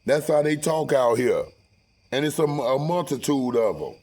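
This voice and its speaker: A man talking straight to camera at an average pitch, rambling from topic to topic in heavy slang. He preaches and curses freely, sometimes dropping his voice low and quiet. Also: lively intonation, moderate pace, poor audio. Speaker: vlogger. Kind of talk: casual profane monologue.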